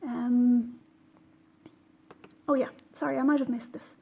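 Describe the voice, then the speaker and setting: A woman with a high, light voice hosts a knitting video podcast from home. She talks casually but with pointed indignation, stressing her words and pausing on fillers. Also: level tone, vocal fry, mellow, breathy edge. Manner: indignant, emphatic, with frequent fillers. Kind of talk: casual vlog monologue.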